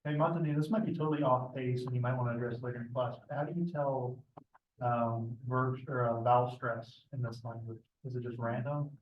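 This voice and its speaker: A man's voice: mid-range voice, fairly even intonation, brisk. Guy in the class asking a hesitant question on a call, far off the mic, roomy and kinda muffled. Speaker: student. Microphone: video call. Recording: roomy, distant, dull video-call audio.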